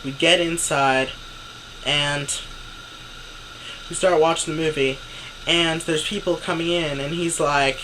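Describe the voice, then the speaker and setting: A man's voice: on the high side, fairly even intonation, takes it slowly, long pauses, noisy background. A young man vlogging an exasperated, profane story, acting out what others said. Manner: exasperated, swearing, acts out quotes. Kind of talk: ranting story to camera.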